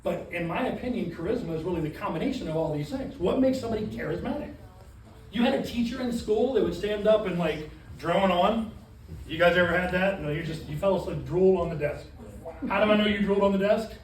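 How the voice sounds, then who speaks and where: A man running a classroom training session as a sales trainer, talking in an animated way and tossing questions to the group. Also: high voice, a little fast, a little hiss or hum. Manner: animated, asks the room questions. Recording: echoey room from far off.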